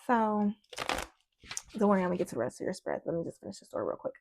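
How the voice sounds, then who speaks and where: A woman tarot reader chatting in a casual vlog, telling a story in an animated way with many asides. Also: mid-range voice, rapid-fire, vocal fry, background noise.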